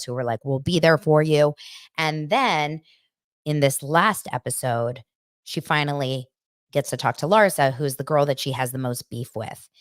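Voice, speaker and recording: A woman hosting a casual pop culture podcast, chatty and animated, with a dry close-mic sound. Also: dry recording. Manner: chatty, animated, mocks others in shrill voices. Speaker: podcast host.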